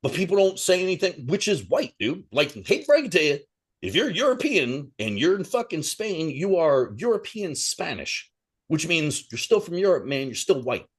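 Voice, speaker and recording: A man co-hosting a podcast in loose, casual chat. He rants with heat and swears constantly, and his voice is a little high for a man. His pitch swings widely as he works himself up. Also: very animated, moderate pace, breathy edge. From Italian-American. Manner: heated, profane, ranting. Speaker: podcast co-host.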